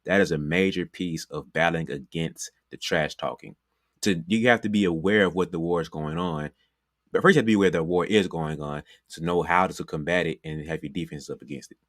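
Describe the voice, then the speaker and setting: A man's voice: low voice, fairly quick, fairly bright tone, dry recording, clean studio sound. A man giving a motivational basketball coaching talk, conversational and repetitive, often saying "you know". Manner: conversational, repeats phrases, frequent "you know". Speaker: basketball trainer.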